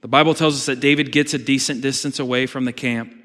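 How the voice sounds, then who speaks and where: A man's voice: mid-range voice, steady tone, fairly quick, few pauses, a bit bright. A man preaching a sermon, reading scripture aloud and retelling the story with dramatic emphasis. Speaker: pastor. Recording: long reverb of a large hall.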